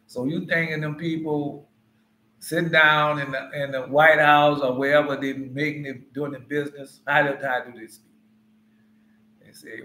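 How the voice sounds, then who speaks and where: A man's voice: on the high side, steady tone, unhurried, bright, forceful tone, a little hiss or hum. A man giving informal Bible teaching, talking loosely and conversationally and quizzing his listeners. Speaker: preacher. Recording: echoey room.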